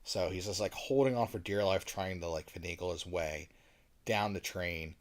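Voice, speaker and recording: Man, slightly low voice, podcast co-host, casual movie recap, animated storytelling. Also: moderate pace. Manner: animated retelling, acts out lines, swears.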